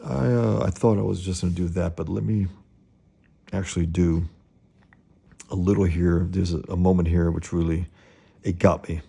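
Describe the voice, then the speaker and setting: A man's voice: low voice, fairly even intonation, normal speed, creaky, long pauses, warm tone, breathy edge. A man who is a comic artist, casually talking through comic pages, hesitant, with many fillers and restarts.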